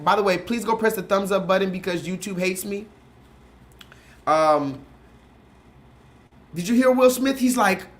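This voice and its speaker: A man's voice: high-pitched, a bit bright. A man hosting a livestream, ranting in casual, profane commentary and firing questions at his chat. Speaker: streamer host.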